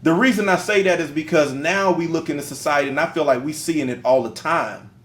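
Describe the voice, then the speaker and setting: A middle-aged man tells stories on a podcast in a relaxed, slangy and emphatic manner. His voice sits a little high. The room around him rings with echo. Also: fairly quick. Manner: animated storyteller, slangy and emphatic. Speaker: podcast co-host. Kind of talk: casual conversation. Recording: roomy echo.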